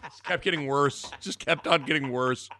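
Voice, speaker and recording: A man's voice: fairly high pitch, normal speed, sharp tone, a little hiss or hum. A man co-hosting a sports podcast, reacting to clips with laughter and amazement. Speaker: podcast co-host. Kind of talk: casual chat.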